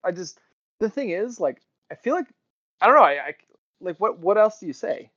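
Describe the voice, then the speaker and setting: A man co-hosting a book podcast in a casual chat, telling animated stories with lots of laughs and restarts. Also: high voice, normal speed, no echo. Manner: animated storyteller, laughs often, trails off into restarts. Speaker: podcast co-host. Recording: dull lo-fi sound.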